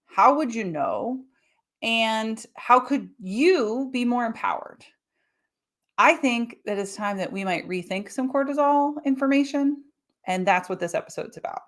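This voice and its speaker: A woman hosting a live-streamed health podcast, explaining things in a lively way and acting out quick little voices for her examples. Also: medium pitch. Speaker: podcast host.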